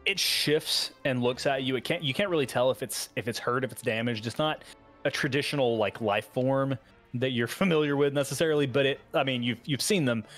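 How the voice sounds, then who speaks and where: A man's voice: medium pitch, fairly quick, fairly bright tone, soft background music. A man running a tabletop game as dungeon master, talking casually with many fillers and easy laughs. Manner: hesitant, filler-heavy, laughs easily.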